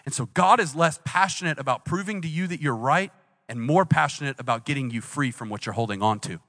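A man's voice: medium pitch, brisk. Man preaching in a reverberant hall. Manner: swings from hushed intimacy to loud emphatic pleading. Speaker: pastor. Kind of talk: sermon. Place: church auditorium.

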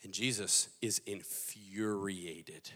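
A male pastor giving an animated, emphatic sermon, retelling a story in his own words. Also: deep voice, slow. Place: large hall. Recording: long hall reverb.

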